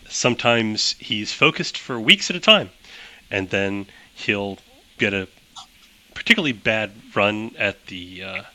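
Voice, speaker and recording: A man's voice: fairly low pitch, expressive, slow, long pauses, sharp tone, rough recording. A man narrating as game master of a tabletop game, chatty, laughing often and using many fillers.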